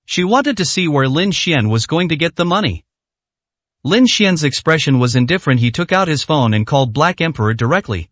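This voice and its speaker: A man reads a dramatic story aloud in a scripted narration, voicing every part himself. His voice sits a little high and moves about a lot in pitch. The sound is dry and close, with no room echo. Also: very animated, a little fast, fairly bright tone.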